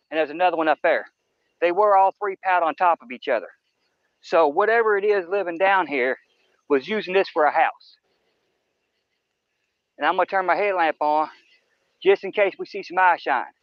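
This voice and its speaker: A high-pitched man rambles in a folksy, casual way to viewers while hosting a nighttime fishing livestream on a wooded riverbank. The recording from a camera-mounted mic near the water sounds dull and has no echo.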